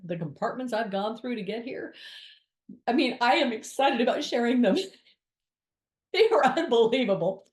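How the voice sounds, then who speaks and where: A woman's voice: on the high side, a little mellow. A woman giving an earnest, confessional spiritual monologue to her viewers, with candid asides. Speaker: spiritual speaker. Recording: roomy echo.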